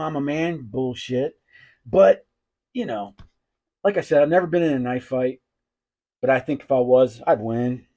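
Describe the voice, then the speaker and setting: A man's voice: medium pitch, dark tone. A middle-aged man rambling casually with profanity, many fillers and restarts, talking about his friends on a knife review channel.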